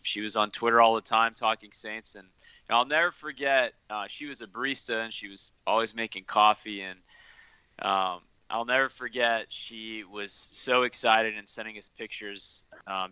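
Bright, lowish man co-hosting. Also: smooth, dry recording, rough recording. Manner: halting, full of fillers, heartfelt. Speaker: podcast co-host. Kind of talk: casual podcast chat.

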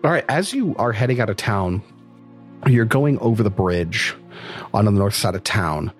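Man, game master, casual narration, lively pitch, faint music. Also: normal speed.

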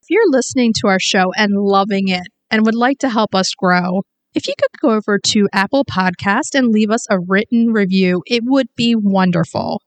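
A woman co-hosting a casual podcast chat, playful and quick to laugh. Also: mid-range voice. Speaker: podcast co-host.

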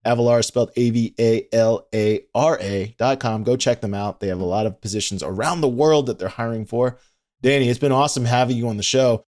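A man hosts a casual podcast interview with energetic enthusiasm. He talks in a loose, chatty way full of fillers and quick asides. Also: medium pitch. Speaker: podcast host.

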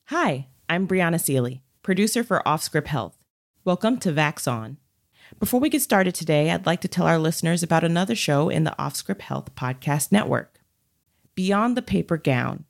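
Low-voiced woman reading a podcast promo. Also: lively intonation, normal speed, creaky. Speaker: podcast producer. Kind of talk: scripted promo read.

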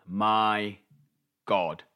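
A man's voice: lowish voice, fairly even intonation, extremely slow, sharp tone, clean tone. Chatty English man in his thirties. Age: 30s. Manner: chatty, camp, swears freely. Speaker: podcast co-host. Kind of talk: casual chat.

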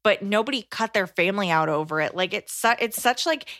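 A woman in her thirties co-hosting a podcast, chatting and reading listener letters in an animated, exasperated way. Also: mid-range voice, brisk, no echo. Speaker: podcast co-host.

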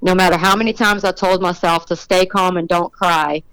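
A middle-aged woman being interviewed on a podcast, telling an animated story about her racing and acting out the voices of the people in it. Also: lowish voice, moderate pace, smooth, no echo, rough recording. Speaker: drag racing motorcycle rider, guest.

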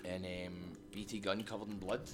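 A man with a Scottish accent, guest in an interview, telling rambling, animated anecdotes full of "like"s. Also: lowish voice, moderate pace, background noise. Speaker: wrestling promotion owner, guest. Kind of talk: casual storytelling interview.

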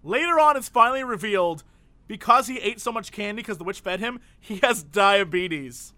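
A man's voice: sits high, lively intonation, normal speed, bright, forceful tone. A man co-hosting a casual comedic show, rambling and joking, often laughing. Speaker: co-host. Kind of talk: casual comedic podcast chat.

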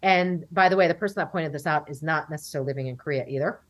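A woman's voice: low voice, racing. A woman in her forties from the United States, chatting animatedly as an interview guest and acting out what other people said. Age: 40s. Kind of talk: casual interview chat.

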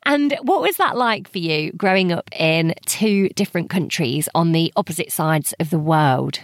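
A woman's voice: lowish voice, expressive, normal speed, no echo, studio quality. A woman interviewing a guest, asking friendly, curious questions and laughing along.

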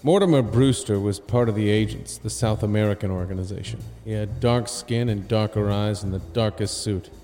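A man narrating a comedic audio drama in a deadpan, crude manner. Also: on the low side, normal speed, few pauses, in a large hall. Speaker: narrator and lead performer.

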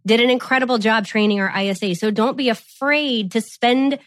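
A woman with a somewhat high voice, giving encouraging, direct advice in a relaxed podcast chat. Her voice is recorded dry and close, with no room sound around it. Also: brisk, no echo.

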